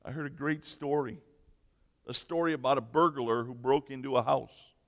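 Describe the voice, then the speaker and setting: A man preaching a sermon, slow and emphatic, moving between loud declarations and near-whispers. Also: mid-range voice. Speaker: pastor. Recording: echoey hall.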